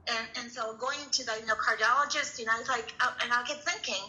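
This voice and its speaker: A young woman with a fairly high, very bright and forceful voice shares a personal testimony. She speaks earnestly and haltingly, often restarting her sentences. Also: steady tone, rough recording. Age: young adult. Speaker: coach sharing her story in a class.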